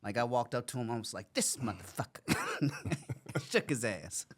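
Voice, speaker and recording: A man's voice: medium pitch, animated, normal speed. A man co-hosting a podcast in casual chat, loose and profane, laughing often as he talks. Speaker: podcast co-host.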